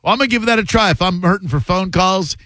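A man hosting a talk radio show, chatting with callers in a joking, quick-to-laugh way. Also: high-pitched, very noisy. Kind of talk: casual on-air phone chat.

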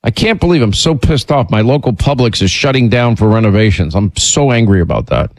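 A middle-aged man hosting a radio show, telling stories in a rambling, animated way and jumping up in pitch when he gets indignant. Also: a little fast, dry recording. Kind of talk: casual on-air storytelling.

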